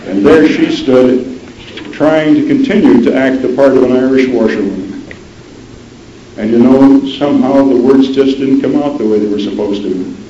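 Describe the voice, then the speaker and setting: A man telling a dramatic historical story in a measured way, often dropping low and soft for emphasis. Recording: roomy, dull lo-fi sound with faint noise.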